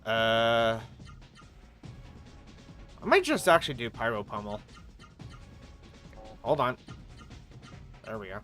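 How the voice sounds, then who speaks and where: A woman's voice: very deep voice, big pitch swings, takes it slowly, long pauses, a bit bright, faint music behind. Sick, chatty woman game streamer. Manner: chatty, rambling, swears casually. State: coming down with a sore throat, coughing. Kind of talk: live gameplay commentary.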